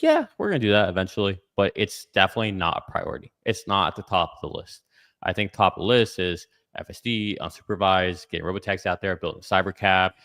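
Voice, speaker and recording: Deep-voiced dude on a podcast, jokey, lots of likes and uhs. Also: male voice, pushed and bright. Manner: jokey, filler-heavy, acts out commands. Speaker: podcast co-host. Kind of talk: casual panel chat.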